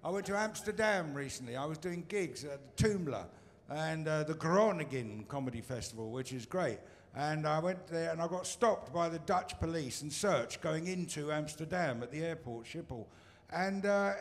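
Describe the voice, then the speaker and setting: A man from Britain performing a stand-up routine on a comedy stage, teasing the crowd in a dry way. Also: a little high.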